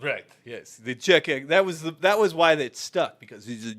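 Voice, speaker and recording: A man telling a lively anecdote as a podcast guest. His voice sits a little high for a man, and he keeps slipping into other people's quoted lines between laughs. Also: moderate pace. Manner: animated, acts out quotes with laughter. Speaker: guest band musician. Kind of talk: casual storytelling.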